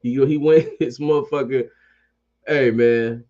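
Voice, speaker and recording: A man's voice: medium pitch, fairly even intonation, unhurried, mellow, lo-fi sound. A man ranting about sports as a fan commentator. He swears constantly, repeats phrases, and keeps up a heated, profane energy.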